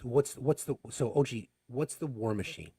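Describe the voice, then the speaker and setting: A man's voice: mid-range voice, normal speed, warm tone, husky, no room sound. A man hosting a live political call-in show, talking to callers in a blunt, emphatic, heated way. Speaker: host.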